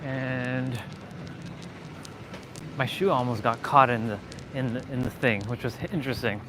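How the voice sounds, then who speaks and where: A young Canadian man chats casually on a live stream while walking through a parking lot to his car, rambling with plenty of fillers and restarts. His mid-range voice has fairly even intonation and a slightly slow pace, against a noisy background.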